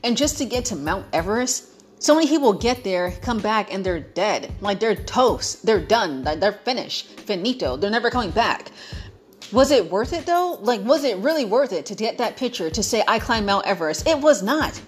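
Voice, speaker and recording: A young American vlogger chats casually with her viewers in a mid-range, sing-song voice at a normal speed, with faint music behind her. She's playful and emphatic, stacking up repetitions for effect.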